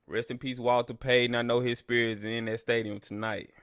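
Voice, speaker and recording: In casual live fan commentary, this stream host talks directly to his chat, mocking rivals with boastful trash talk and later ranting complaints at the broadcaster. His medium-pitched voice is brisk, smooth and a bit bright with little pitch movement, in a dry, clean studio recording.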